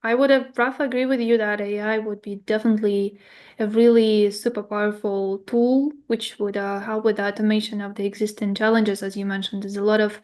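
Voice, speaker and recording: Flat-toned woman interviewer. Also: mid-range voice, a little fast. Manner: careful, hesitant phrasing with fillers. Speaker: podcast host, interviewer. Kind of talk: unscripted podcast interview.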